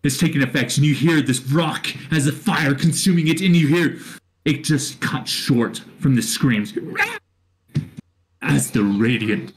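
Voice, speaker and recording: A man running a tabletop role-playing game as dungeon master, narrating the battle in a slow, descriptive way with small hesitations. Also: mid-range voice, a little hiss or hum.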